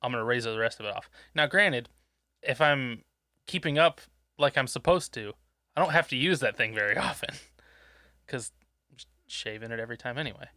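A laid-back man talks crudely with a friend, cursing and laughing as he goes. His voice is bright and forceful, with a dry, close sound and no room around it. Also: mid-range voice, brisk, pauses often, no echo. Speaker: podcast co-host. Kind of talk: crude casual chat.

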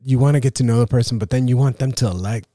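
A man's voice: mid-range voice, very fast, dark tone, no echo, clean studio sound. A man hosting his own photography podcast, talking in a rambling, self-deprecating way with many fillers and restarts. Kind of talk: casual solo podcast monologue.

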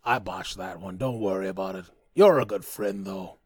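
A man hosts his podcast in a loose, meandering monologue, swearing and joking as he goes. His voice sits low. The recording is dry and close, with no room sound. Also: moderate pace, husky, no echo. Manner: rambling, profane and joking, many fillers and restarts. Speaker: podcast host.

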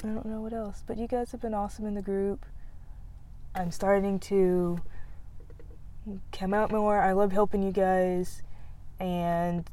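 A woman's voice: medium pitch, flat delivery, measured pace, long pauses, dark tone. A young woman podcaster chatting casually outdoors, rambling off on tangents, laughing and losing her words. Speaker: podcast host. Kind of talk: casual chat. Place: outdoors, near a road.

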